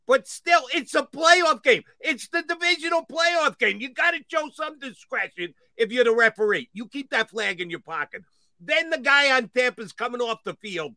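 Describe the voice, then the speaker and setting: A man's voice: very high voice, moderate pace, no echo. A middle-aged man hosting a sports talk show, ranting and getting worked up over referee calls. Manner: animated, gets worked up, ranting. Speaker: sports radio host.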